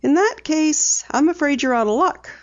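A woman voicing a mischievous, teasing teenage daughter in a higher, playful voice. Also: sing-song, normal speed, lo-fi sound.

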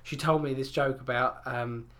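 A man's voice: mid-range voice, fairly even intonation, normal speed, a bit bright. A young man, telling rambling, crude stories in casual podcast chat. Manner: crude, rambling storyteller with lots of fillers. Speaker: podcast co-host.

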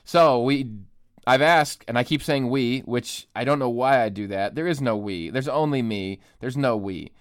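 A man's voice: medium pitch, moderate pace, clear, resonant tone, dry recording, clean studio sound. A man hosting a solo podcast from an empty room, chatting in a joking, self-deprecating way. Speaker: podcast host and author. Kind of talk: casual solo podcast monologue. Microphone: studio microphone.

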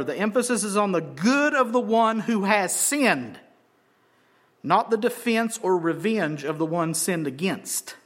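A man preaching an expository sermon, emphatic and repeating phrases for stress, slowing down on key words. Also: sits high, a bit bright. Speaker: pastor.

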